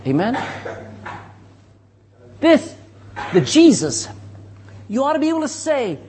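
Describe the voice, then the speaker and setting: A middle-aged man preaching a sermon as pastor, lively, calling for responses from the congregation. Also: high-pitched, unhurried, pauses often, a little hiss or hum.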